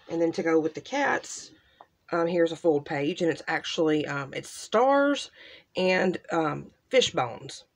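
A woman hosting a casual crafting unboxing, gushing softly and trailing off into quiet asides. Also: low-pitched, creaky. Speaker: crafting channel host. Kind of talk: casual unboxing show-and-tell.

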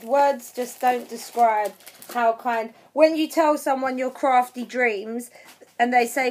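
High, slow-talking woman, emotional and thankful. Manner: shaky with excitement. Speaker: craft channel vlogger. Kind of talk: unboxing vlog chat.

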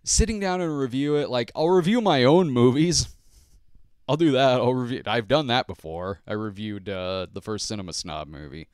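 A man's voice: mid-range voice, normal speed, darkish tone, clear, resonant tone, no room sound, clean studio sound. A man in his fifties hosting a podcast, chatting casually and answering viewer questions in a rambling, self-deprecating way with frequent chuckles. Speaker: podcast host and movie reviewer.

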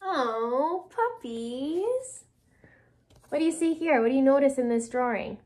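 A woman's voice: sits high, fast, warm tone. A woman teacher reading a picture book aloud to children, asking them questions and encouraging answers.

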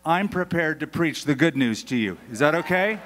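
An older man preaches from the pulpit, his voice sitting a little high for a man as it rings through a large church hall with a long reverb. He talks to the congregation in a friendly, conversational way and slows right down on the phrases he wants to land. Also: expressive, background noise. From United States. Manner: conversational, emphatic preaching with slowed key phrases. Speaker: pastor. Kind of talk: sermon.

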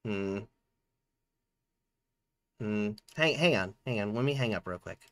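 In an unhurried, lowish voice, a man chats casually on his live gaming stream while he fumbles with his audio settings. His chatty talk has lively ups and downs.

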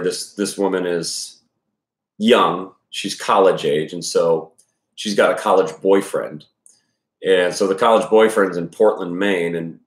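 A man reading a novel aloud, then commenting casually with profane asides and many fillers. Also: low-pitched. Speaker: audiobook reader and commentator. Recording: echoey room.

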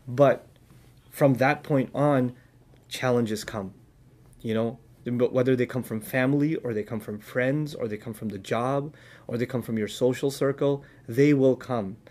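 A man's voice: mid-range voice, normal speed, darkish tone. A man giving an earnest religious advice talk, telling stories and translating scripture verses as he goes. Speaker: Islamic speaker.

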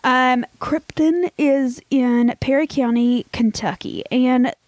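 A woman's voice: high voice, takes it slowly, a little mellow, no echo. A woman in her thirties with a Southern US accent, co-hosting a podcast in casual, rambling chat and laughing easily. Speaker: podcast co-host.

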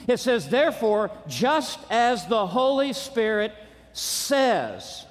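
High-voiced emphatic preacher in a reverberant hall. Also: male voice, sing-song, slow. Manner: emphatic, punchy repetition with rising shouts. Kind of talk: conference sermon. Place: large auditorium. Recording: long reverb of a large hall.

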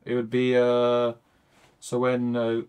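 A young man co-hosting a casual TV review chat, hesitant and halting, often filling gaps with uhs. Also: mid-range voice, monotone, a little mellow, clean tone. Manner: hesitant, full of uhs, trails off. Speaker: co-host of a TV review channel.

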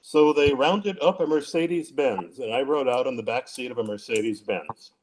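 An older man speaks as a guest on a discussion panel. His voice sits at an ordinary middle pitch. He tells his story in a vivid, animated way and acts out the quotes. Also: normal speed. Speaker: panel guest recounting captivity.

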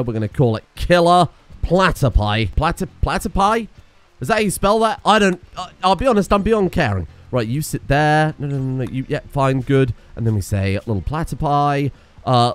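A man casually commentating his own gameplay, breaking into exclaims and laughter. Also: medium pitch. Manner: excitable, laughs and exclaims in bursts. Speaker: gaming video host.

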